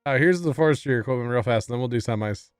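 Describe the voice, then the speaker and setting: A man's voice: mid-range voice, rapid-fire, clear, resonant tone, no echo, studio quality, faint music behind. A man livestreaming a farming game, chatting casually with his viewers and often apologizing with a laugh. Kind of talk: casual gameplay commentary.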